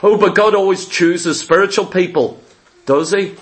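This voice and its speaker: A pastor with a notably high-pitched, slightly bright male voice preaches a sermon at normal speed. He's emphatic, pressing listeners with rhetorical questions, and often repeats a word or two as he launches into a phrase.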